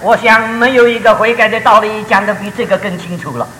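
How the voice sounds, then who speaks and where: A man preaching a sermon in short storytelling phrases, pausing for an interpreter. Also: high-pitched, fairly bright tone. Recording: roomy hall reverb with faint noise.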